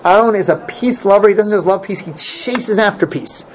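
A man teaching an informal Torah class, animated and repeating his points for emphasis. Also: sits high, moderate pace. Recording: dull lo-fi recording, faint noise.

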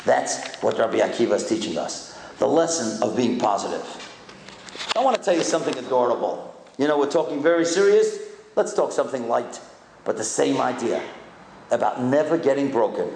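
Animated man preaching in an echoey room. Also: vocal fry, slight background noise. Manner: animated, swings from high excited calls to low solemn tones. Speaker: rabbi giving a talk. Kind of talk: animated sermon storytelling.

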